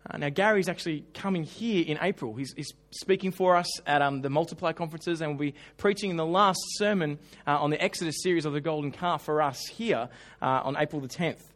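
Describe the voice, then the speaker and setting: A man preaching a sermon, telling animated stories with humorous asides. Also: on the high side, a little fast. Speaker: pastor.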